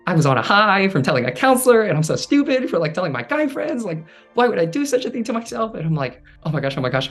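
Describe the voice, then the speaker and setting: Fast-talking young man telling his story. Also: mid-range voice. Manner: animated, acts out quoted voices with fillers. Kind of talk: personal storytelling to camera.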